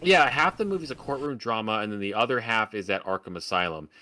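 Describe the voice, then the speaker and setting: A man's voice: fairly low pitch, fast, sharp tone. A man co-hosting a podcast, ranting about a film in casual, profane, sarcastic talk. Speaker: podcast co-host. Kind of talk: casual film review chat.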